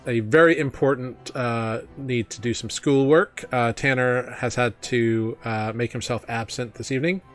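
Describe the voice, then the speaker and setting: A man hosts a tabletop game stream as its game master, speaking in a relaxed, casual way full of small fillers and easy laughter. His voice sits at an ordinary middle pitch, and faint music plays quietly underneath.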